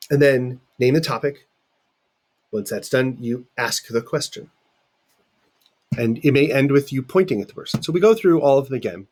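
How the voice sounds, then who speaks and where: Husky man giving a casual lecture. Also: mid-range voice. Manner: conversational, asks students questions. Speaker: teacher. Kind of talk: recorded video lecture.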